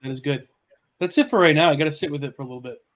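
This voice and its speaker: Fast-talking man tasting whiskey. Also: on the high side, a bit bright. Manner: quick, teasing, savoring a tasting. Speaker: guest on livestream. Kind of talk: casual livestream chat.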